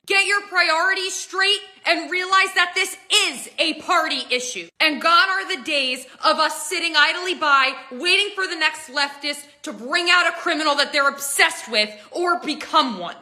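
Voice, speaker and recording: A woman lectures straight to camera in a high, bright, sharp voice. She is indignant and emphatic, hammering every point. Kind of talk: political rant to camera.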